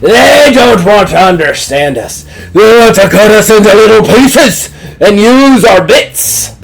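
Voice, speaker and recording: A man voicing an excitable male plush creature who yells nearly everything he says. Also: high-pitched, measured pace, vocal fry, soft background music, voice pushed up, heavily acted, rough recording. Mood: shouting agitated. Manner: yelling, overexcited.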